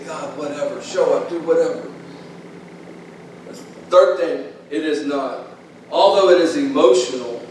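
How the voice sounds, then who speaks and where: A man preaching a sermon as pastor, folksy and plain-spoken, building into impassioned, repetitive calls. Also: fairly high pitch. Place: church sanctuary. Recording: echoey room from far off, faint hiss.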